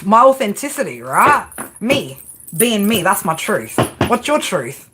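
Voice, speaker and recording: Woman, tarot streamer, casual and crude, animated pitch, noisy home mic. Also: a little slow. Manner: casual, profane, laughs often, talks back to chat. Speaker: tarot reader. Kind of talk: live stream tarot reading, chatting with viewers.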